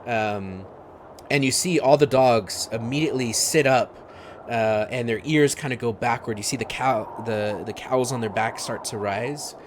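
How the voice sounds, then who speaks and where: A man narrates a tabletop game at a slow, unhurried pace. He pauses often with fillers as he paints the scene. Steady background noise runs under his voice. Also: medium pitch. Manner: slow, halting, with many fillers. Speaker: game master. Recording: noisy stream audio.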